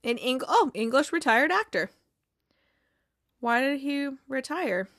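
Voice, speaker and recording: Woman recapping a show, chatty, voices the lines, bit high pitched, dry close sound. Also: lively intonation, unhurried, fairly bright tone, no room sound. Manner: chatty, acts out quotes, laughs, reads aloud. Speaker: podcast host recapping a TV episode. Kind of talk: casual recap, retelling scenes.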